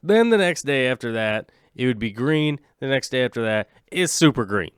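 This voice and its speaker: A man's voice: medium pitch, animated, moderate pace, clear, resonant tone, dry recording, studio quality. A man in his late thirties hosting a casual aquarium livestream, rambling and joking with his viewers. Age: late 30s. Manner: rambling, jokey, chats with viewers.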